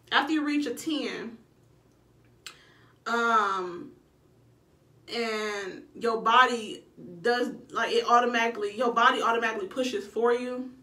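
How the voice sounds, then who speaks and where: A woman casually telling a personal story, animated and profane, acting out her own quoted lines. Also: a little high, roomy sound, distant mic.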